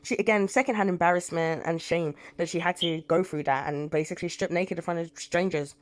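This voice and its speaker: A woman's voice: lowish voice, fairly even intonation, a little fast. A woman reviewing a soap opera episode in a casual, rambling recap. She speaks frankly, with blunt asides and quoted dialogue from the scenes.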